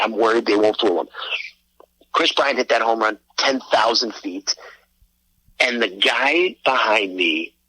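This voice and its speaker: A man co-hosting a casual chat, telling a story with lots of energy and acting out what he shouted. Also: medium pitch, slightly rough, low-quality recording. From Cleveland area, USA. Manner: animated storyteller, swearing, acts out his own shouts. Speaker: podcast co-host.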